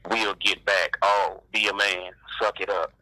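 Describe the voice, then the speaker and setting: A man calling in to a live show, talking in a halting way with many fillers. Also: low-pitched, steady tone, dry recording. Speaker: caller. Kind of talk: casual phone-in chat. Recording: dry, bright phone line.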